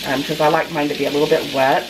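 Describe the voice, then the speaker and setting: A fast-talking woman with a deep, level voice chats her way through a recipe for her own cooking channel, stumbling into many ums and restarts. She's in her home kitchen with food sizzling in a pan, and the background is noisy.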